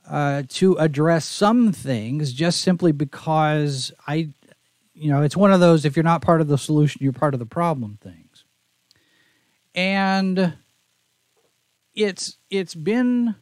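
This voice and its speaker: A man's voice: a little high, a little mellow, dry recording. A man hosting a casual podcast chat with a faint Texas Southern accent, talking in a thoughtful, easygoing, rambling way. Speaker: show host.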